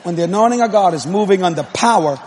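A man's voice: high voice, expressive, fast, a little mellow. A man preaching a humorous sermon, telling a story in a blunt, folksy way, laughing often and mimicking voices and sounds.

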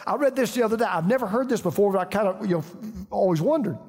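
An older man with a Southern accent delivers a sermon in a high, animated voice. He talks in a folksy, storytelling way and often restarts his sentences. His voice carries a long reverb from a big hall. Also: fast, slightly rough. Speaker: pastor.

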